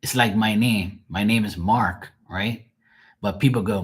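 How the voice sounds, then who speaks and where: A man's voice: fairly low pitch, a little slow, husky. A middle-aged man with a Bermudian accent, a tarot reader rambling casually to his livestream viewers with plenty of profanity and frequent laughs.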